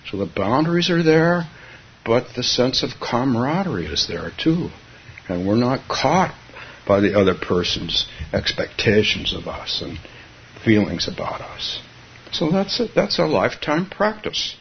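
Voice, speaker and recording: A man's voice: medium pitch, big pitch swings, measured pace, a little hiss or hum. A man from California giving a Zen dharma talk, musing aloud with frequent chuckles and restarts. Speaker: Zen teacher. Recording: dull lo-fi recording.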